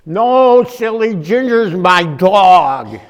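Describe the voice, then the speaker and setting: A man voicing a chatty little girl on a plane, high, bubbly and insistent. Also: big pitch swings, drawn-out words, long reverb tail, full character voice. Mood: playful.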